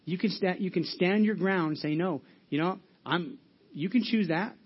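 Husky-voiced man preaching a sermon. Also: high-pitched, normal speed, lo-fi sound. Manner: earnest, conversational preaching with call-and-response questions. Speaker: pastor.

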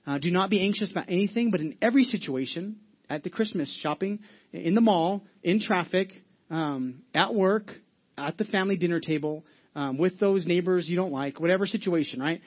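Husky male pastor preaching casually. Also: high voice, brisk, muffled recording. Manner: earnest, conversational preaching with frequent restarts and fillers. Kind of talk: sermon.

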